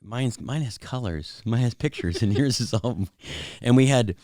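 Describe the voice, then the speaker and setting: Middle-aged male comedian trading stories as a guest on a podcast. He talks in an animated way, slipping into other people's voices and laughing between lines. His pitch sits mid-range, and the sound is dry and close. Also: normal speed, no room sound. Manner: animated, acts out voices in anecdotes, laughs often. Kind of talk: casual chat, storytelling.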